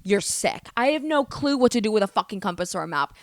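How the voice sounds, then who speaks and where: A woman's voice: mid-range voice, big pitch swings, fast talker, no echo, studio quality. A young woman hosting a comedic solo podcast, rambling animatedly, swearing and poking fun at herself. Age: young adult. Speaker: podcast host.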